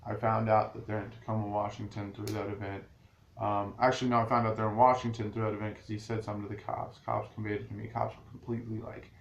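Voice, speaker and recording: A man talking straight to his viewers in a loose, rambling vlog, his low voice rough with gravel. He restarts sentences and circles back as he goes. The room is echoey, with a faint hum of ambient noise behind him. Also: level tone, a little fast, dull audio. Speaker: vlogger. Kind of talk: casual rambling monologue to viewers.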